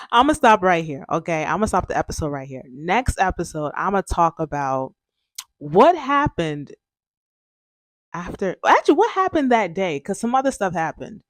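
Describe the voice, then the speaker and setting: Young female podcast host, chatty storyteller, fillers and restarts, lower register, dry room. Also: very animated, a little slow, long pauses, no echo. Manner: chatty, frequent fillers and self-corrections.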